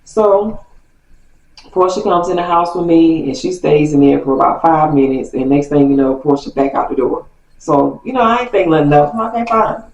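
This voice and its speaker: A woman telling a story from her childhood to her viewers in a chatty, animated way. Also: low-pitched, normal speed, highs cut off. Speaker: vlogger. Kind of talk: casual storytime. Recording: roomy, distant from mic.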